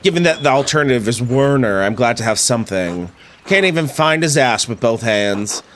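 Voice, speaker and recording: A man reading the lines of a stubborn old father haunted by his son's death, in a gruff, grumbling way. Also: medium pitch, expressive, moderate pace, a bit bright, slight background noise, close to an everyday voice.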